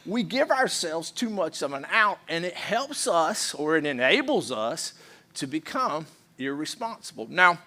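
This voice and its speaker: Lively high-voiced pastor preaching. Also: male voice. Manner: lively, playful, leads call-and-response with the congregation. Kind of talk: sermon. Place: church sanctuary.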